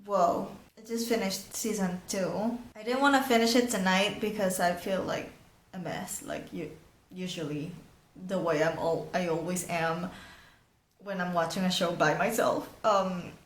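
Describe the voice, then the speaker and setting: A woman's voice: fairly low pitch, a little slow. A young woman with a Venezuelan accent chats at home in a casual, emphatic vlog voice and swears freely. A sore bitten lip makes her speech a little awkward. The room is echoey, with a faint hiss behind her. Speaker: vlogger.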